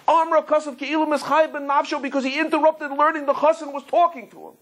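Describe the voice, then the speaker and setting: A man teaching a Torah class as a rabbi, telling stories in an animated, digressive way and often repeating words. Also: extremely high pitch, quick pace, hardly any pauses. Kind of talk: Torah lecture with storytelling.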